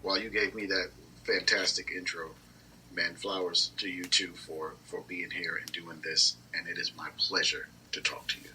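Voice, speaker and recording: Bright low-voiced middle-aged man, distant. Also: level tone, normal speed, slightly rough. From Brooklyn, New York. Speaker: podcast guest, training firm CEO. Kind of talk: casual podcast chat. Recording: distant mic with faint room noise.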